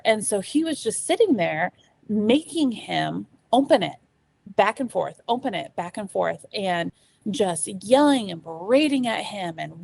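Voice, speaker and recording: Gravelly-voiced woman telling her story. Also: lowish voice, normal speed. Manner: animated, acts out quoted voices, many fillers. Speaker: guest. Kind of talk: casual storytelling.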